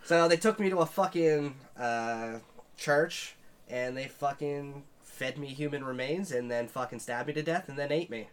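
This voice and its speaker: A man's voice: mid-range voice, moderate pace, clear, resonant tone. Give me a man co-hosting a podcast, telling a rambling, profane story. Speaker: podcast co-host. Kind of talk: casual chat, storytelling.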